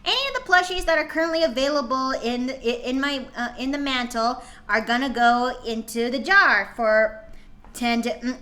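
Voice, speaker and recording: A woman's voice: sits high, moderate pace, pushed and bright. A woman streamer chatting to her viewers in a dramatic, exasperated way, swearing often. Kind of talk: live stream chat while reading fan fiction.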